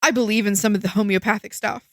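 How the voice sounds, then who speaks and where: A woman co-hosting a podcast in casual chat, lively and chatty, explaining facts with exclamations. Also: mid-range voice, fast, dry recording. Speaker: podcast co-host.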